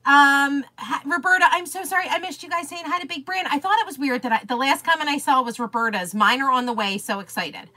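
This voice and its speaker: A woman's voice: sits high, animated, quick pace, few pauses, bright, forceful tone. A woman hosting a chatty live craft stream, greeting viewers by name and gushing over products, easily sidetracked. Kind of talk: chatty live-stream demo, reading viewer comments aloud.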